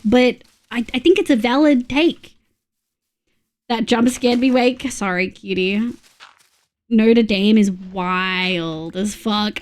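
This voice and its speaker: A young woman from Australia, streaming a game and chatting with her viewers in a loose, casual way. Her voice sits a little high for a woman, and she swears freely and yelps at sudden scares. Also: slow. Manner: chatty, swears often, reacts loudly to jump scares. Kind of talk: casual gaming livestream chat.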